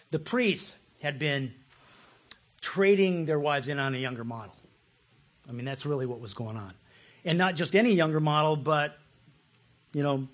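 A pastor, a man preaching a passionate sermon that swings between loud pleas and hushed, soft asides. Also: mid-range voice.

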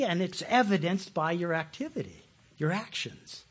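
A pastor, a man preaching a passionate sermon that swings between loud pleas and hushed, soft asides. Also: high-pitched, expressive, moderate pace, slightly rough.

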